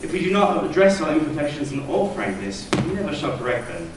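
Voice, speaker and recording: A young actor in a stage play playing a proud, aloof gentleman with a stiff, disdainful manner, heard from far off in a noisy, echoey hall. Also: on the high side, very animated, quick pace.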